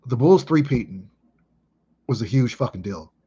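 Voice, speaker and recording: A man in his thirties from Chicago, reminiscing casually in an emphatic, excitable way with heavy swearing. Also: mid-range voice, moderate pace, husky, dull audio. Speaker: vlogger.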